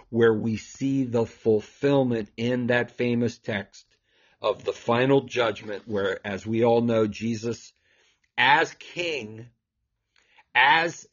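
A man's voice: mid-range voice, slightly rough, dull audio. A man preaching and explaining scripture, emphatic and asking rhetorical questions. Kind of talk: scripture teaching.

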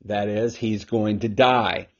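A man's voice: lowish voice, steady tone, slow pace. A man hosting a casual Scripture teaching talk from his home, emphatic and often checking in with a rhetorical "right?". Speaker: host and Bible teacher. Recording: dull lo-fi recording.

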